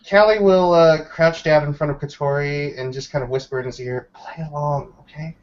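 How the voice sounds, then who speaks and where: A woman's voice: low voice, steady tone, a little fast, a little mellow. A woman playing a tabletop role-playing game, speaking in a pleading, defensive way. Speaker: player. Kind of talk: tabletop role-play, in and out of character. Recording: dull lo-fi sound with faint noise.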